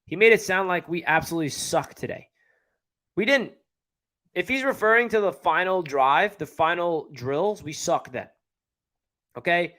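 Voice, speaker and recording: A man's voice: high voice, expressive, normal speed, bright, forceful tone. A man with a New York area accent hosting a casual live stream, chatting and answering viewer comments as he reads them. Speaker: livestream host.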